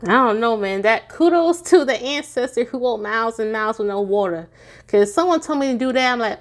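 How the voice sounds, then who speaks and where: A woman with a slightly high voice gives a relaxed, chatty tarot reading straight to her viewers. She is playful and goofy, laughing easily and addressing them as y'all. She sounds a bit tired. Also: brisk. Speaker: tarot reader.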